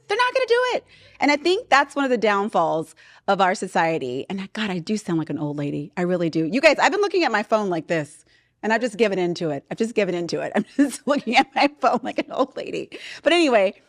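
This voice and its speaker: A woman in her thirties hosting a podcast, chatting with animated, sassy storytelling in a studio. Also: mid-range voice, no echo. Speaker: podcast host. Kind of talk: casual chat.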